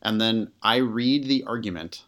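Deep-voiced man chatting candidly on a podcast. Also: measured pace. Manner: candid, animated storytelling with filler words. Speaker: podcast co-host and test-prep tutor. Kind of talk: casual podcast conversation.

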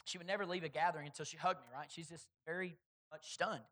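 A man preaching a sermon as pastor, swinging between loud, stressed points and quiet, hushed storytelling. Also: on the high side, steady tone, quick pace.

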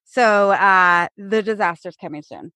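A woman's voice: mid-range voice, measured pace, pushed and bright, no echo. Chatty woman reading notes, dry sound. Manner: chatty, laughs and corrects herself while reading. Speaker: podcast co-host. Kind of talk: casual chat, reading notes aloud.

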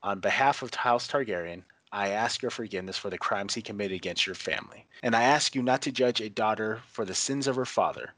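A commanding young queen speaks in formal, measured lines, read by a man. The voice sits fairly low and dry, with no roominess around it. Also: a bit bright, no room sound. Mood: regal.

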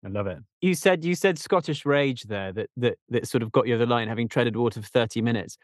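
A man's voice: medium pitch, fast talker, no echo, studio quality. A man hosting a podcast, asking a guest questions in a friendly, stumbling way. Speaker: podcast host. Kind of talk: casual interview questions.

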